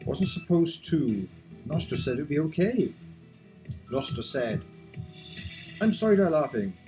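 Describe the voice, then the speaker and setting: A man voicing a troubled, apologetic young girl in a game, lifting his voice higher than usual. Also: big pitch swings, measured pace, warm tone, faint music behind, low-quality recording. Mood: shaken. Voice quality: raised, lighter voice.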